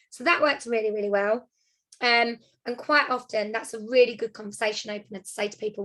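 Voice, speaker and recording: A woman's voice: on the high side, steady tone, fast. A woman casually sharing practical party-hosting tips on a group call, friendly and a little rambling. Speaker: direct sales consultant sharing tips.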